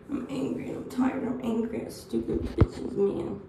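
Gravelly young woman in an echoey room. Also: on the high side, fairly even intonation, slow, background noise. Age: early 20s. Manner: rambling, profane, blunt. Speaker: vlogger. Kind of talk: get-ready-with-me chat. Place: at home, getting ready. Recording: echoey room, distant mic.

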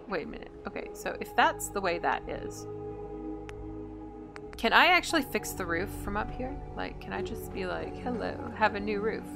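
A woman's voice: mid-range voice, gravelly. A woman hosting a gameplay video, chatting and thinking aloud in an indecisive, casual way. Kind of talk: casual let's-play commentary.

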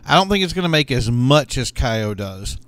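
Male gaming commentator, average pitch, casual and rambling, chatty gameplay talk. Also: big pitch swings, moderate pace, a bit bright, no echo. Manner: rambling, thinks aloud with fillers and restarts. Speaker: gaming YouTuber.

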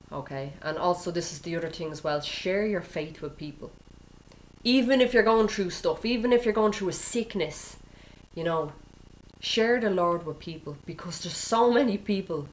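Low-voiced woman preaching conversationally. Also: slight background noise, poor audio. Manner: informal, peppered with "you know" and "okay?", acting out quoted prayers. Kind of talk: conversational sermon.

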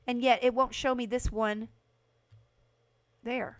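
A woman livestreaming a house renovation game, chatting casually with her viewers and breaking into excited bursts. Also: on the high side, takes it slowly, long pauses. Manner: chatty, talks to chat by name, excited bursts. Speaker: livestream host playing a video game. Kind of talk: casual live game commentary.

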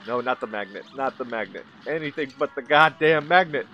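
A man commentating his own video game play, muttering and swearing, then yelling in frustration. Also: mid-range voice, fast talker, dull audio. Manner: swearing, exasperated, mutters under breath then yells in frustration. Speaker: gaming channel host.

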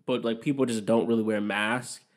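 A man's voice: lowish voice, fairly even intonation, moderate pace. A young man hosting a podcast, talking alone in a candid, opinionated and rambling way, swearing freely. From Massachusetts, USA. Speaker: podcast host. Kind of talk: casual solo podcast monologue.

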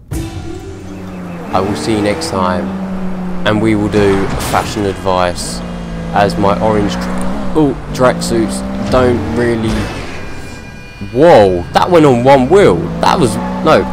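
A man's voice: medium pitch, unhurried. A young man commentating his own video game play, rambling and correcting himself, with hiccups. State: has hiccups. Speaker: gaming channel host. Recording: noisy game audio under the voice. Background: car and racing game sounds.

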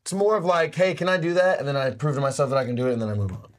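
A man's voice: on the high side, animated, rapid-fire. A man speaking as an interview guest in a casual, playful, laid-back way.

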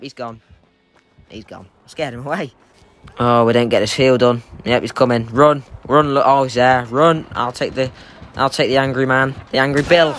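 A young man giving excitable, jokey live commentary while playing a game, swearing and trash-talking the opponent. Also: medium pitch, normal speed. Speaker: gaming YouTuber.

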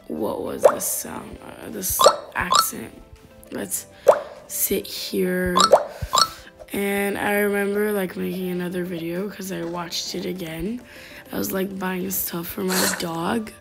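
Chatty woman with a gravelly voice. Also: fairly low pitch, flat delivery, slow. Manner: chatty, playful, reads game text aloud. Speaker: gaming YouTuber. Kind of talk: casual gameplay commentary. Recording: faint game music behind.

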